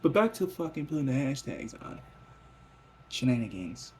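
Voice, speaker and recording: A man's voice: mid-range voice, sing-song, normal speed, a little mellow, slight background noise. A young man vlogging a rambling, profane late-night monologue that drifts between mutters and whispers.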